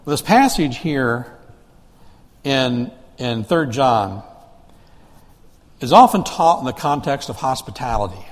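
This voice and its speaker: A man's voice: medium pitch, long reverb tail. A man preaching a sermon in a conversational way, asking the congregation rhetorical questions and often restarting his sentences. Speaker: pastor.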